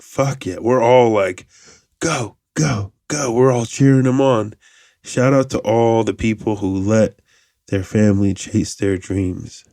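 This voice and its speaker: A man in his thirties hosting a podcast, talking in a casual, profane, rambling monologue with animated asides. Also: fairly low pitch, no echo, clean studio sound. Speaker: podcast host.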